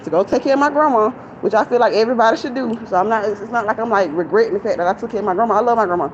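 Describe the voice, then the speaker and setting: A woman's voice: a little high, rapid-fire. A young woman, rambling casually and candidly to viewers while out of breath on a walk. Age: young adult. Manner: chatty, candid, venting to viewers. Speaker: vlogger. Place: outdoors near a shopping center. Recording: lo-fi phone audio, traffic noise.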